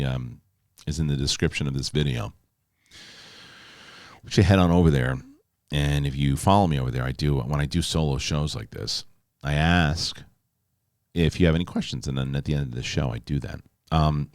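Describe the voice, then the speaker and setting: A middle-aged man hosting a casual solo show, telling stories with lively, animated delivery and reading a sponsor spot. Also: a bass voice, no room sound, clean studio sound. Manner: animated storytelling, yelling in quoted outbursts. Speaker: host.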